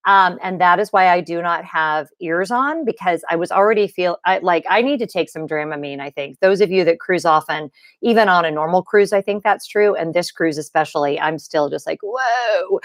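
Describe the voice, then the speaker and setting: A woman with a slightly low, dry-sounding voice hosts a casual livestream from her desk at home. She talks in a loose, chatty way, with plenty of fillers, and greets viewers by name as she goes. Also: dry recording. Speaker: livestream host.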